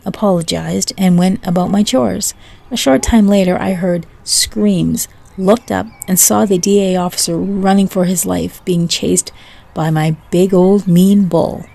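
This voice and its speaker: A woman's voice: lowish voice, gravelly, warm tone. A woman storyteller reading short stories and jokes aloud in a dry, matter-of-fact way.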